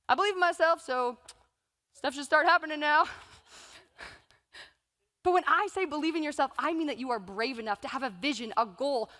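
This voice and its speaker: In a spacious event hall with a long, echoing reverb, a woman in her thirties gives a motivational keynote. Her voice is high and a little bright, and she weaves stories while acting out inner voices and quotes.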